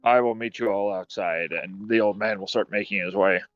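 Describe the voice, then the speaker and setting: Low, deadpan man on a dull mic. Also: moderate pace, dry recording, soft background music. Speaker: player. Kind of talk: casual tabletop game chat.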